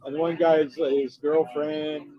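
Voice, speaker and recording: Halting man reviewing films, lo-fi sound. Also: fairly high pitch, little pitch movement. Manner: halting, many fillers and restarts while recalling films. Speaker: co-host reviewing festival films. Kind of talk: casual chat. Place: bar or restaurant. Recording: dull lo-fi sound in a noisy bar.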